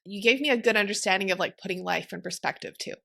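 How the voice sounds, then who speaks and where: A woman's voice: medium pitch, fast, gravelly, a bit bright. A young woman co-hosting a parenting podcast, talking in an easygoing, reflective way with many fillers. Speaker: podcast co-host. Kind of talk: casual podcast chat.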